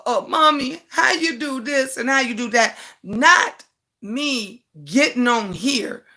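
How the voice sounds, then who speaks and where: Bright-voiced older woman chatting to viewers. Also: on the high side. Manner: talks straight to her audience, repeats herself, speaks with feeling. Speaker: YouTube live-stream host. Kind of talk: emotional casual live chat to viewers.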